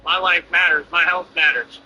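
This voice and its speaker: High bright-voiced man ranting defiantly. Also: fairly even intonation, normal speed, faint music behind, low-quality recording. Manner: defiant, confrontational, boastful. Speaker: streamer. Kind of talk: livestream rant over gameplay.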